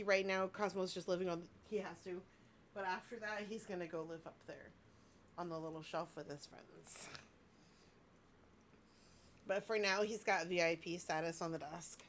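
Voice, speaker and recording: A woman's voice: mid-range voice, fairly bright tone, a little hiss or hum. A woman in her thirties, a vlogger gushing and rambling in casual chat about handmade gifts she received.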